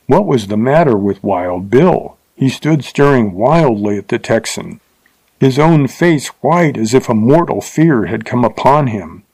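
A man narrating a story in a steady, measured reading style. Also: medium pitch, no echo, poor audio. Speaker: audiobook narrator.

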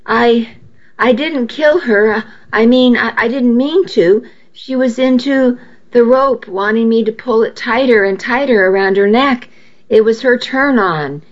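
A woman's voice: a little high, a little slow, close to an everyday voice. A woman voicing a panicked young man who stammers frantically, heard on a dull lo-fi recording.

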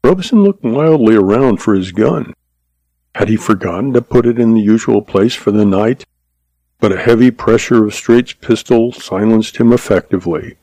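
A man in scripted narration, telling a western story at a steady pace. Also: on the low side, no room sound, poor audio. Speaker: audiobook narrator.

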